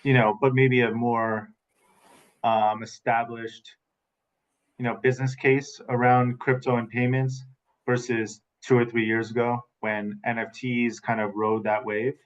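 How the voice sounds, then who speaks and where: A man's voice: medium pitch, flat delivery, measured pace, muffled recording. A man speaking as a webinar panelist over a video call, casual and loose, trailing off into hedges and asides.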